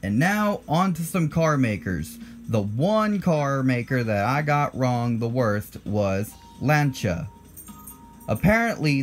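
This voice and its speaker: Blunt American man, casual video talk. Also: mid-range voice. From United States. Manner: blunt and defensive, with self-correcting asides. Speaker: channel host.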